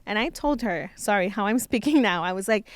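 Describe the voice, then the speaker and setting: A young woman telling a story in casual chat, animated and acting out what people said. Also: mid-range voice, brisk, dry recording. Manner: animated, acts out quotes with a rising voice. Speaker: co-host of a couple's channel.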